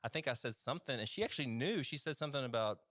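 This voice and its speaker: A man with an East Texas accent tells his story in a rambling, chatty way and laughs often. His voice sits at an ordinary pitch for a man. The recording is close and dry. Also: expressive, very fast, a bit bright, dry recording. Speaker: guest, physician. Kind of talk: casual storytelling testimony.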